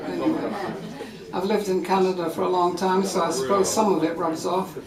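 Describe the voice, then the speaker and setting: Brief: wry, animated woman, somewhat English accent, live storyteller, echoey room. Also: on the low side, fairly quick, a loud crowd. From Brazil.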